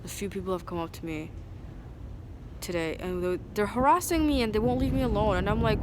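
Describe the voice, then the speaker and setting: A woman venting to a phone camera at an outdoor bus station, agitated and rambling, full of "like", swinging from low muttering to loud indignation. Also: brisk. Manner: agitated, rambling, heavy use of "like". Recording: street noise and passing vehicles.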